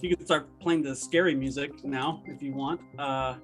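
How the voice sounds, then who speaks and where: A man running a tabletop game as game master, narrating in a loose, halting way with many restarts, over background music. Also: medium pitch, steady tone, fairly bright tone.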